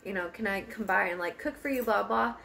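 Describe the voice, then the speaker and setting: Young woman, car vlog, candid storytelling, laughs a lot, curses casually, middle pitch. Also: a little fast, creaky, bright, forceful tone, a little hiss or hum. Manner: candid, laughs often, swears freely. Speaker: vlogger. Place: parked car.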